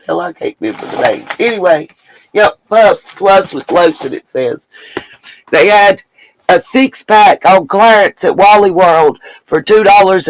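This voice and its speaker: A woman with a lowish voice, heard on poor audio, runs a live stream. She reads chat and comments bluntly and emphatically, swears freely, and thanks her viewers.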